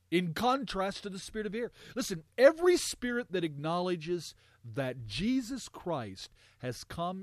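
Emphatic high-voiced male preacher. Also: dry recording. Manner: emphatic, rising to loud peaks and dropping low; repeats words for emphasis. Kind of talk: sermon.

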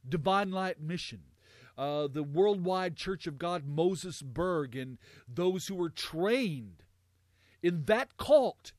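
Emphatic high-voiced male preacher. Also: dry recording. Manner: emphatic, rising to loud peaks and dropping low; repeats words for emphasis. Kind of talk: sermon.

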